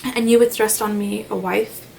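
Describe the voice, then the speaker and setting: A fierce, proud gentleman answers in short, commanding bursts, as a woman narrator gives him voice. The voice has a rough creak. The recording sits slightly off-mic with faint background noise. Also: mid-range voice, steady tone, moderate pace, far from the mic, natural voice, rough recording. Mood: defiant. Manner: curt and commanding.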